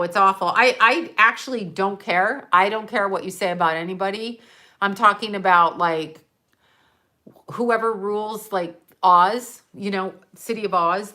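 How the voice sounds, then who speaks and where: A woman's voice: mid-range voice, bright, forceful tone. An older woman talking casually to her viewers, rambling from one topic to the next, laughing often and swearing freely while she scrolls through photos. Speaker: psychic vlogger.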